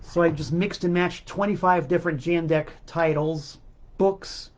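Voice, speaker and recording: A man's voice: a little high, fairly even intonation, unhurried. A man hosting his own show, talking casually in a rambling, chatty way with many asides, his throat a bit choked up. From South Florida. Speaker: podcast host and record seller. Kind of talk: casual solo monologue. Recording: dull lo-fi sound.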